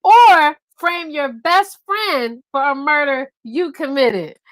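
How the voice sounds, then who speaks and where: A woman co-hosting a casual podcast chat, expressive and animated, talking as a parent. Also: sits high, takes it slowly, no room sound, rough recording. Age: adult parent. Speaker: podcast co-host.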